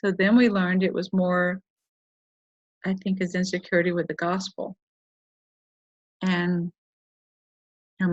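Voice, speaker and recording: A woman's voice: on the low side, no room sound. A middle-aged woman host telling a personal story in a casual, rambling way, often correcting herself as she goes. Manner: rambling, self-correcting, chatty. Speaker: podcast host. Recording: dull lo-fi dry recording.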